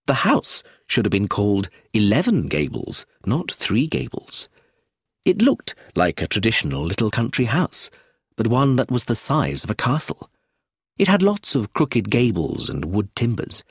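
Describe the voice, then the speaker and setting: Man, audiobook narrator, husky, lively lilting delivery, dry close mic. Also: fairly low pitch, no echo. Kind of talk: first-person storybook narration.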